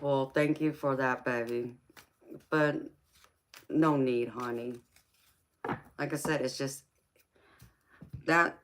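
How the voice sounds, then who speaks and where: Reading comments aloud on her livestream, a middle-aged tarot reader from California laughs often and addresses viewers as honey and sweetheart in a Southern accent. Her voice is very deep with a bit of brightness.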